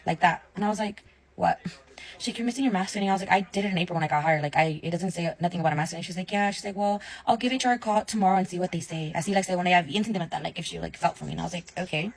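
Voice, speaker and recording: A woman's voice: lowish voice, rapid-fire, creaky, poor audio. A young woman telling a story in a casual rant, blunt and swearing often, acting out both sides of her conversations.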